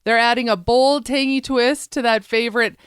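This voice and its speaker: Chatty woman with a smooth voice. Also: fairly high pitch, steady tone, normal speed, dry recording, clean studio sound. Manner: upbeat, chatty, reads news items. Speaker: co-host. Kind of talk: casual show chat.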